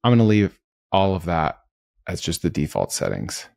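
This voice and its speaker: A man's voice: low voice, wildly swooping pitch, normal speed, vocal fry, darkish tone, dry recording, studio quality. A man hosting a screen-recorded tutorial, upbeat and talking through each step as he clicks. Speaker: host.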